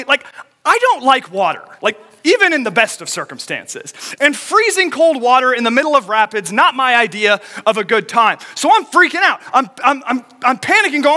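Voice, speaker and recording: A man in young adulthood preaching a sermon as a pastor, telling a story quickly and with animation. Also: very high voice, pushed and bright, in a large hall.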